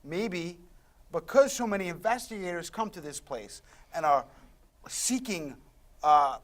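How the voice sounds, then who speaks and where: A man's voice: high voice, expressive, measured pace, fairly bright tone. A man appearing as a paranormal investigator on a TV talk show, talking in an easygoing, speculative way. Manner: easygoing, speculative, with filler restarts. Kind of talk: casual studio chat. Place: public-access TV studio.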